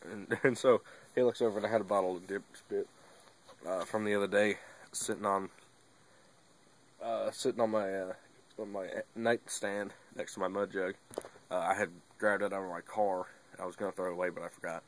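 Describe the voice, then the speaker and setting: A man's voice: fairly low pitch, fairly even intonation, a little fast. A young man talking casually to his camera, rambling and laid-back, with lots of fillers and the odd curse word. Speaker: vlogger. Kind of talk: casual monologue.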